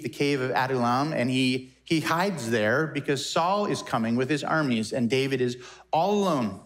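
A male pastor giving a conversational, reflective sermon, often restarting his sentences. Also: a little high.

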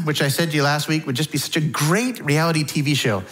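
A middle-aged man preaching a sermon to his church in a relaxed, conversational way, with frequent fillers. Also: a little high, brisk, hardly any pauses, rough recording. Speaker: pastor.

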